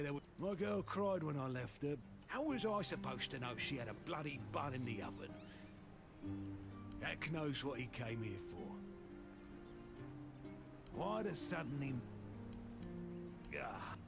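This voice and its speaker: A man voicing a grumpy, foul-mouthed old former keeper in a video game, with a gruff, rambling way of talking. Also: mid-range voice. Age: older. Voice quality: gravelly. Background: game music.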